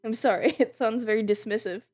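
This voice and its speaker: A woman's voice: on the high side, fairly even intonation, brisk, a little mellow. A woman streamer chatting casually and giggling as she reads and answers her chat, with a careless swear now and then.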